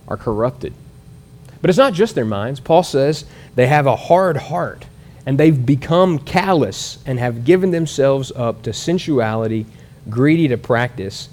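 A man preaches in an earnest, conversational way. His pitch sits in an ordinary middle register, and he climbs higher on points he wants to land, then sinks low and soft to close a thought. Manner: earnest, conversational preaching with rising emphasis and quiet drops. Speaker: pastor. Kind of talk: sermon.

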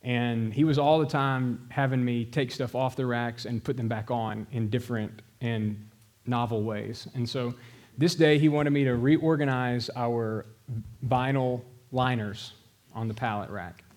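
Emphatic storytelling pastor. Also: male voice, mid-range voice, steady tone, unhurried, a little mellow. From American South. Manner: storytelling, emphatic, addresses the congregation directly. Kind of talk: sermon.

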